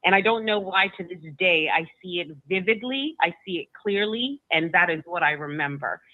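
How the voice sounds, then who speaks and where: A woman guest retells a personal story in an emotional, halting way, stumbling over and repeating her words. Her voice comes through a narrow, tinny line that sounds like a phone call. The sound is dry, with no room echo. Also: fairly low pitch, expressive.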